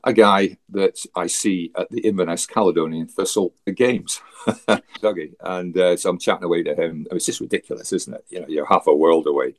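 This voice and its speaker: A man's voice: low-pitched, fairly even intonation, brisk. A Scottish man from Scotland, a guest telling a travel story in a chatty way, with wry asides and frequent laughs. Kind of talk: casual storytelling.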